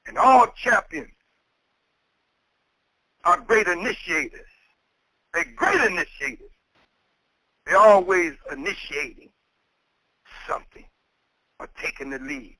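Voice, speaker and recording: A man's voice: sits high, lively intonation, slow pace, pauses often, sharp tone, dry recording, rough recording. A man preaching a sermon with an emphatic, repetitive cadence. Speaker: minister.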